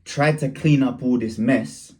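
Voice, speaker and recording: Young man, casual slangy storyteller, mellow warm tone. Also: mid-range voice, a little slow. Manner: slangy, rambling, laughs while telling.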